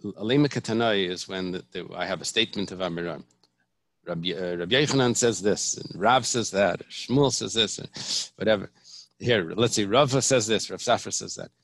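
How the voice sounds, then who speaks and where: Here a rabbi gives a Talmud lesson in an explanatory style, laying out every point in sequence; he frequently restarts, repeats phrases, and uses Hebrew terms. He speaks at a normal speed in a lowish voice, with no echo in the recording.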